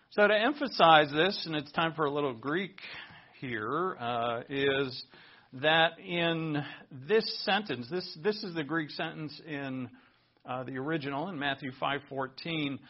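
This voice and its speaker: Gravelly pastor, lo-fi. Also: male voice, on the high side, unhurried. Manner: animated teaching, repeating phrases for emphasis. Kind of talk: sermon with Greek word study at a whiteboard. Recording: dull lo-fi recording.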